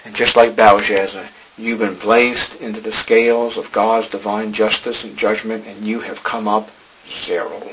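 A male preacher delivering a sermon in a church, pleading earnestly and then building to emphatic declarations. His voice is bright and forceful, with a faint hiss behind it. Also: fairly low pitch, little pitch movement, moderate pace, poor audio. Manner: pleading, rising to emphatic exhortation.

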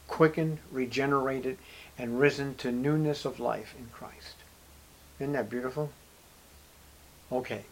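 A man preaching a sermon. He acts out short bits of dialogue and repeats words for emphasis. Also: mid-range voice.

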